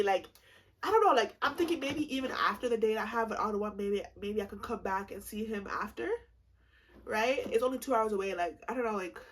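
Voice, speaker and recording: A woman in her twenties telling a comedic storytime vlog, animated and profane, acting out both sides of the conversation. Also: on the high side, slight background noise. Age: 20s. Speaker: vlogger.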